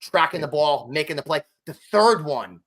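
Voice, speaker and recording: A man's voice: on the high side, lively intonation, moderate pace, fairly bright tone. A man co-hosting a casual sports podcast, talking animatedly and often turning to his co-host by name.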